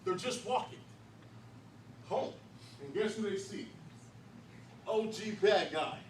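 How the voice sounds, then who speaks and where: Animated high-voiced man speaking to a room. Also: slow pace, pauses often. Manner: animated, emphatic, rhetorical questions to the audience. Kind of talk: lively motivational talk. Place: meeting room. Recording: distant echoey room with faint noise.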